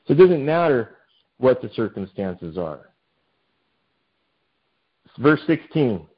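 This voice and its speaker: A man's voice: medium pitch, very animated, slow pace, breathy edge. A man giving an informal sermon, reading scripture aloud and then explaining it in a conversational way with many fillers. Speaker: pastor. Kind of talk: informal Bible study sermon. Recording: dull lo-fi sound.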